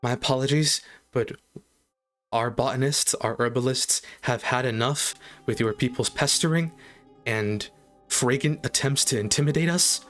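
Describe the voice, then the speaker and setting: A man's voice: medium pitch, normal speed, a bit bright, faint music behind, lightly acted. A man putting on a prim, flustered woman botanist. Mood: stern refusal. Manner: polite, then stern and defensive.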